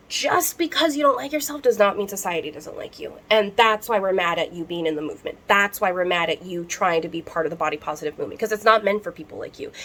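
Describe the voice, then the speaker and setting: A woman's voice: mid-range voice, fairly bright tone. A young woman vlogger ranting heatedly to her camera, swearing often and rambling with lots of fillers and restarts. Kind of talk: unscripted rant to camera.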